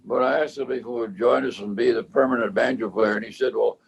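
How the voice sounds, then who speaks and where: A man in his nineties, a bandleader and cornet player, reminiscing in a casual interview with a halting, rambling way of telling stories. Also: medium pitch, steady tone, creaky, husky. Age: 90s. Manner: rambling, halting storyteller with many restarts.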